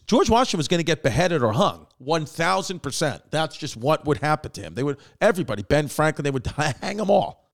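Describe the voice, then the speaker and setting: A man in his thirties with a New York accent, telling history as a comedy bit, profane and rambling with quick asides. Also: fairly high pitch, dry recording, clean studio sound. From Staten Island, New York.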